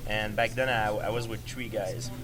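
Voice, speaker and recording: A man with a French Canadian accent, a fighter telling a story at a press interview, halting with lots of fillers and restarts. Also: on the low side, fairly even intonation. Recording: noisy crowded event. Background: crowd chatter.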